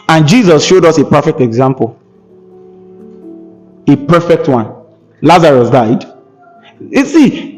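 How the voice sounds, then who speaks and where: A man's voice: fairly high pitch, a little mellow. A young man talking earnestly and emphatically as a podcast guest, with a preacherly tone. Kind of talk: earnest conversational talk.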